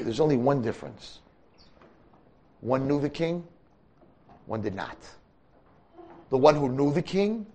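An older man, a rabbi and teacher with a mid-range voice, delivers a storytelling sermon in a yeshiva study hall. He is animated and breaks into shouts.

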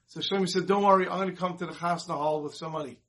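A man's voice: sits high, steady tone, fast talker, fairly bright tone. Earnest man telling a Torah story. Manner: earnest storyteller voicing characters.

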